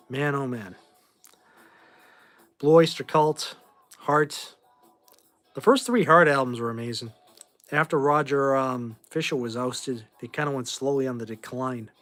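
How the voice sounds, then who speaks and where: A man's voice: medium pitch, a little slow, pauses often, fairly bright tone, soft background music. A man in his forties from Boston, hosting a casual livestream chat and answering viewer questions in a rambling, offhand way with blunt opinions. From Boston, Massachusetts. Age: 40s. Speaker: host.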